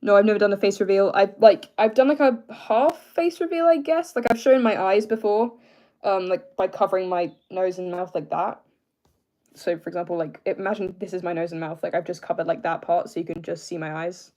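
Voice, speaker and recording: Hesitant young British streamer guy. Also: a little mellow. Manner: hesitant, filler-heavy, deliberately lowering his pitch. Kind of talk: casual live-stream chat answering viewers.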